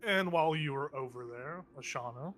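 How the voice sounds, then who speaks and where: A man's voice: fairly high pitch, moderate pace, fairly bright tone, slight background noise. A man running a tabletop game as game master, narrating casually with lots of fillers and frequent laughter.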